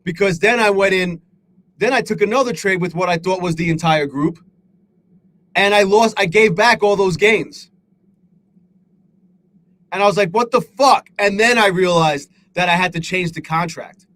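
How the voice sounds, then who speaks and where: A man's voice sits high and a bit bright as he hosts a live trading stream at a moderate pace, pausing often. His talk is rambling and profane, he's hard on himself, and he greets chatters by name.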